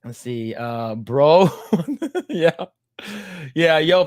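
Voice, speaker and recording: A man's voice: a little high, big pitch swings, slow, dry recording, clean studio sound. A man co-hosting a casual livestream podcast, reading chat comments aloud in a laid-back way and laughing often.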